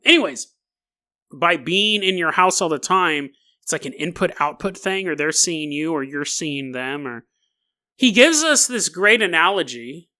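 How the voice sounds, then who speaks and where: A man hosting a comedic podcast monologue, talking in an animated, mocking way and laughing often as he reads. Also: sits high. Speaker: podcast host.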